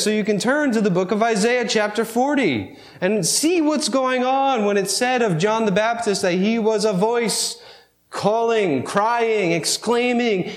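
A man preaching a sermon, reading scripture slowly and with emphasis, then explaining it with wry asides. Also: high voice, roomy sound. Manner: reads scripture slowly and emphatically, with mock self-important asides.

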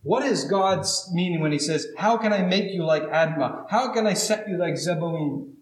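Earnest high-voiced preacher in an echoey room. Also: male voice. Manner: earnest, emphatic, slows on key words. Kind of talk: sermon.

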